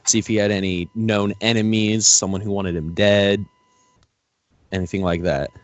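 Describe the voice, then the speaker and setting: A man's voice: lowish voice, little pitch movement, normal speed, no room sound. A man playing a recruit in a tabletop role-play session, casual, playful and eager. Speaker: player.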